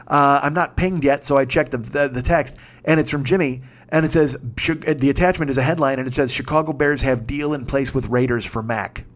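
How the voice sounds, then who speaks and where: A man's voice: mid-range voice, a little fast, few pauses. A man in his fifties telling a rambling, profane story in a casual rant, getting more and more worked up. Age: 50s. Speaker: podcast host.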